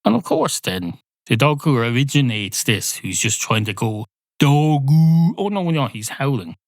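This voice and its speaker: A man hosting a rambling solo comedy podcast, deadpan and absurd, swearing at imagined listeners. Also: medium pitch, normal speed, vocal fry, dry recording. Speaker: podcast host.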